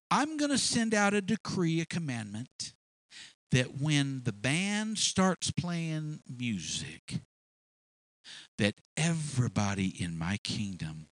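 A man voicing a proud, boastful ancient king who brags in drawn-out, self-important words. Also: fairly high pitch, fairly bright tone, no echo, heavily acted.

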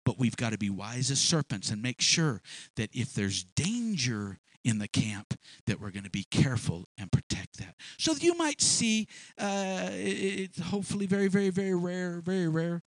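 A man preaching a sermon as pastor, animated and folksy, acting out animals as he makes his points. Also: fairly high pitch, normal speed, dry recording. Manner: animated preaching with sound effects.

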